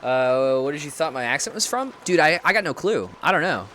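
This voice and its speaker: An American man's expressive, slightly high, somewhat bright voice moves briskly as he streams a video game. He thinks aloud and talks with viewers in a rambling, self-deprecating way with frequent restarts, over slight background noise.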